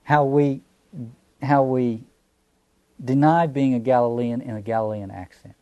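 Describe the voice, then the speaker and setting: Southern American man as a scripture lecturer; relaxed, mellow delivery, musing aloud. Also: mid-range voice, measured pace, highs cut off. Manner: thoughtful, restarting phrases, rhetorical questions. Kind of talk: reflective lecture.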